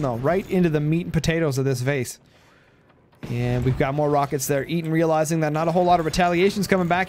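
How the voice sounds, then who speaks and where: A man with a high-sitting voice gives jokey, excitable play-by-play on a strategy game match, though his voice is starting to tire. Slight background noise is present.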